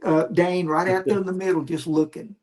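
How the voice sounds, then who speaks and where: A man's voice: sits high, a little fast. Man telling comedy stories in chat. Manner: animated, reflective about his craft. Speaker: stand-up comedian, podcast guest. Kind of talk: casual storytelling chat.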